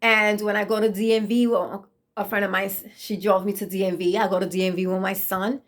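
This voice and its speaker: A woman's voice: medium pitch, flat delivery, a little fast. A woman in her thirties earnestly telling a personal faith testimony in a casual, emotional way, repeating herself for emphasis. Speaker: vlogger sharing a testimony.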